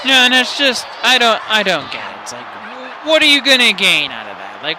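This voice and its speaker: A man's voice: high voice, wildly swooping pitch, brisk, few pauses, a crowd in the background, background noise. A man narrating his gameplay in a rambling, stuttering way, firing off exasperated rhetorical questions into a close mic he keeps bumping. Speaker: let's play host. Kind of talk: gameplay commentary. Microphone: close desk mic he keeps bumping.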